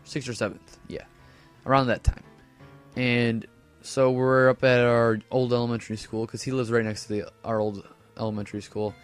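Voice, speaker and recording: A man's voice: medium pitch, little pitch movement, moderate pace, smooth, soft background music. A teenage boy casually telling a rambling story over gameplay commentary, full of fillers and self-corrections. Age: teens. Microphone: desk microphone.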